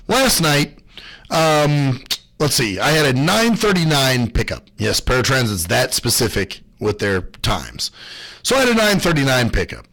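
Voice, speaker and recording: A man hosting his own radio show, talking in a loose, rambling monologue full of swearing and gripes. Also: rough recording. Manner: profane, ranting, lively swings in pitch.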